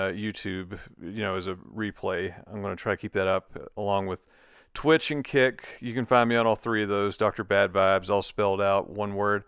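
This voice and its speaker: Middle-aged man, Southern American accent, laid-back joker, lower voice, smooth tone. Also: a bit bright, no room sound, studio quality. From Virginia. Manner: laid-back, joking, laughs often. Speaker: co-host. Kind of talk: casual chat.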